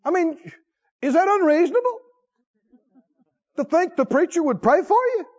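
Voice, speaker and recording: A man's voice: very high voice, big pitch swings, normal speed, darkish tone, dull audio. A male preacher delivering a sermon, talking with animation, questioning the crowd and laughing now and then.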